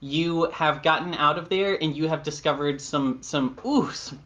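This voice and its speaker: A man's voice: fairly high pitch, normal speed, a bit bright. A man narrating a tabletop role-playing game as game master, rambling with fillers and laughing at himself. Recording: dull lo-fi audio.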